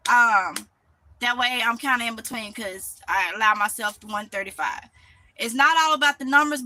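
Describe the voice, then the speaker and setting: A channel host with a Mississippi Southern accent streams live from her greenhouse, chattily talking back to comments with frequent laughs. Her slightly high voice sounds pushed and bright, and the audio is dry and low-quality.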